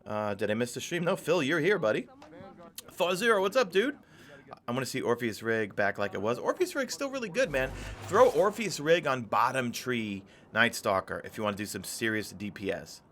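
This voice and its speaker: A man's voice: mid-range voice, big pitch swings, normal speed, a bit bright, slight background noise. A young adult man streaming a game live, chatting casually in a rambling way and greeting viewers from chat. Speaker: gaming streamer.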